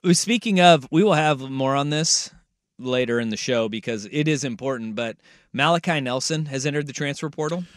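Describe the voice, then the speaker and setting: A man's voice: medium pitch, lively intonation, moderate pace, no room sound. A man hosting a sports talk radio show, upbeat, chatty and jokey, on a studio microphone.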